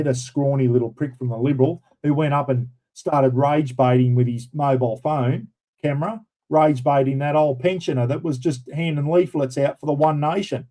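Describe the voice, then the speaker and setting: A man's voice: mid-range voice, warm tone, low-quality recording. An Australian man hosting a casual livestream, ranting bluntly and indignantly, swearing freely and calling his viewers "everyone". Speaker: livestream host.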